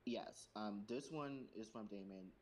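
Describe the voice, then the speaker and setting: A man hosting a casual stream, reading out viewer questions with many pauses and fillers. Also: on the low side, a little mellow, a little hiss or hum, rough recording. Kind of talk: casual group chat on a stream.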